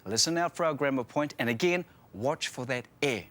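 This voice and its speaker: Animated, playful New Zealand man presenting. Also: medium pitch, fairly quick. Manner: playful, joking. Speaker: language show co-host. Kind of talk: lively language lesson presenting.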